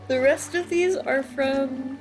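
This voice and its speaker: A woman streaming a video game, reading the in-game descriptions aloud and then reacting to them with laughs and disgust. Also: medium pitch. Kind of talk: let's play, reading game text aloud.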